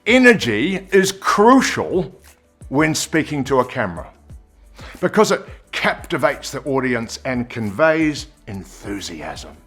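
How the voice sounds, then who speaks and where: A man giving an on-camera presenting lesson, expressive and demonstrating pitch and pace as he explains. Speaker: presenter coach.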